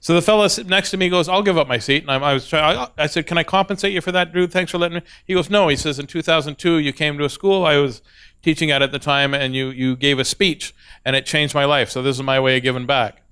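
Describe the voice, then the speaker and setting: A man in middle age telling a stand-up story onstage, laughing at his own jokes and slipping into the voices of the people in it. His voice is smooth and clear and sits a little high for a man. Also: steady tone, quick pace, fairly bright tone. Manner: self-deprecating, acts out dialogue, laughs at own jokes. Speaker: stand-up comedian. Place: stage before a live audience.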